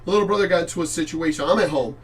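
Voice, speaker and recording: The host, a middle-aged man, races through his casual commentary on clips, cursing bluntly in a high voice. There's slight background noise, he's positioned some way from the mic, and his talk rambles with frequent restarts.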